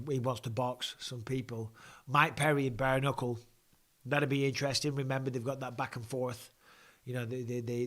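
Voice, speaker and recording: Speaking through a blocked nose, a man hosts a live fan Q&A with reaction chat in a medium-pitched, fairly bright voice. His delivery is chatty and improvised, with restarts and asides along the way.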